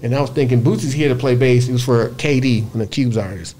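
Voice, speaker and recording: A man who plays bass, guest on a radio interview, telling a story in a lively, profane way, acting out other people's voices and humming bass lines. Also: quick pace. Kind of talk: animated storytelling in casual interview. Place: radio studio.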